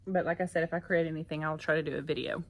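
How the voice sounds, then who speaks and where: A woman's voice: sits low, steady tone, racing. A woman, a first grade teacher chatting casually to her phone camera in her classroom, with lots of fillers and asides. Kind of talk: casual vlog chat.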